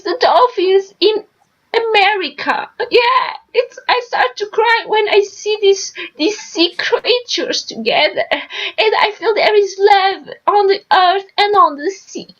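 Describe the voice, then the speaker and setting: A squeaky, tearful documentary fanatic. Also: female voice, fairly bright tone, lo-fi sound, full character voice. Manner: sing-song, tearful, gushing, slow with halting non-native phrasing. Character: dreamy young woman obsessed with documentaries. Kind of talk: improv comedy scene.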